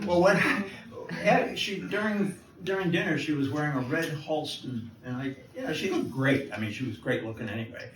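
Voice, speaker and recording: A man's voice: a little high, moderate pace, slight background noise. An older American man telling anecdotes on stage at a live event, rambling with many restarts. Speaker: guest jeweler. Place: live event before an audience. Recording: distant echoey room mic, live event.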